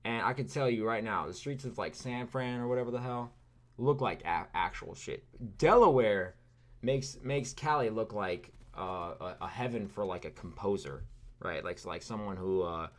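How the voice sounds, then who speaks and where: A man in his thirties from California, telling a rambling, sarcastic story full of fillers and asides over gameplay. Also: deep voice. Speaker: gaming video creator.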